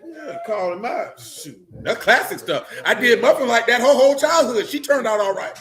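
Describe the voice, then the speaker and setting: High-pitched, animated preacher man. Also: normal speed. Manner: animated, joking, mocking, loud bursts. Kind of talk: loose preaching talk. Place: church meeting room.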